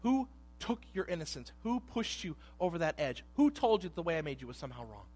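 A man in his thirties preaching a sermon, animated and conversational, dropping to hushed asides and rising to loud emphasis. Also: a little high, fast talker, soft background music. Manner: animated, acts out voices in quotes, swings between hushed asides and loud emphasis. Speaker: pastor.

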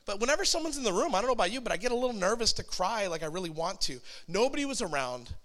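Bright high-voiced storytelling pastor. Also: male voice, rapid-fire. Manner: animated, self-deprecating storytelling with sudden high bursts. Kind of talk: sermon storytelling.

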